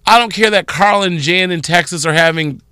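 A man co-hosting a morning radio show, telling stories in an animated way and acting out other people's voices. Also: high voice, fairly quick, smooth, no echo, studio quality. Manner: animated storytelling, acts out quoted voices. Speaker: radio co-host. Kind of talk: casual morning radio chat.

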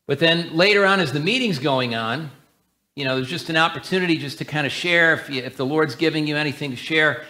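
Man, church elder, sermon, earnest, conversational, slightly high voice, bright tone. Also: brisk. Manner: earnest, conversational preaching with restarts.

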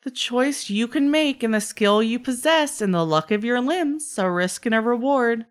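Trickster spirit, male, playful and bored, played by a woman, smooth voice, teasing drawl. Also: a little high, lively intonation, pitched above the performer's own voice, natural voice. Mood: coaxing. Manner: teasing, drawn-out, chatty with trailing fillers.

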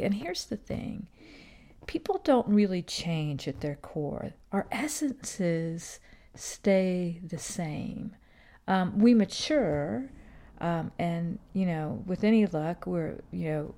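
A woman's voice: fairly low pitch, darkish tone. A woman in her fifties hosting a podcast, talking in a casual, meandering way full of fillers and restarts. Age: 50s. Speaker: podcast host. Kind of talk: casual rambling monologue.

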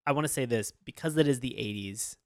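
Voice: mid-range voice, fast, no room sound, studio quality. A podcast co-host in casual chat about a cartoon, telling it animatedly and swearing freely.

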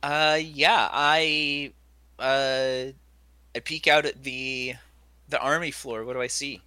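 A man's voice: medium pitch, steady tone, takes it slowly, bright, forceful tone, smooth, no echo. A man playing a tabletop role-playing game, eager and thinking aloud with fillers. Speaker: player. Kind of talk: tabletop role-play chat.

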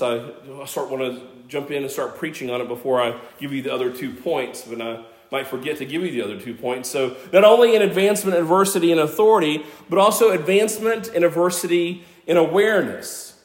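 Fifty-something guy preaching, kinda high voice, earnest, cracks jokes at himself, roomy church sound. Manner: earnest, self-deprecating, conversational asides. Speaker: pastor. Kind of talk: sermon. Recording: echoey church room.

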